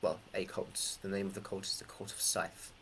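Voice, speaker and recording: A man's voice: low voice, level tone, normal speed, creaky, a bit bright, slight background noise, rough recording. A man playing a grave young man, blunt. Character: young man confessing a dark secret, grave. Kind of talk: tabletop role-play voice acting.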